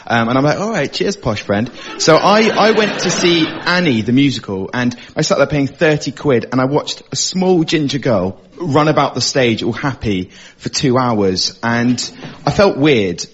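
A man's voice: mid-range voice, animated, normal speed, a little hiss or hum. A man doing a one-minute stand-up routine on a comedy panel show, chatty and playful. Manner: conversational storytelling, playful asides. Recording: dull lo-fi with audience.

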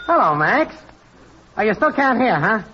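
A man's voice: high voice, very animated, moderate pace, slight background noise. An actor playing a brash, stubborn male network technician in 1940s radio comedy, wisecracking and calling out in a singsong. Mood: cocky. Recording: dull old radio broadcast recording.

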